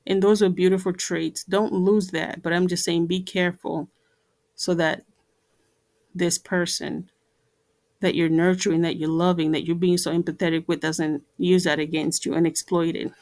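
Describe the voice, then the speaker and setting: A woman's voice: fairly low pitch, level tone, normal speed, a little mellow. Brief: woman vlogger, earnest and heartfelt, circles back to her points, lots of "you know". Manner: earnest, repetitive, many fillers. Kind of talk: earnest talk to camera.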